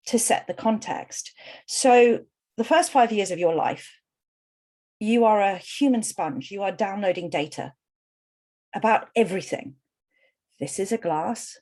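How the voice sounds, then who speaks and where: A woman's voice: mid-range voice, darkish tone. A middle-aged woman coach leading an online workshop. She explains earnestly and often talks in repeated lists.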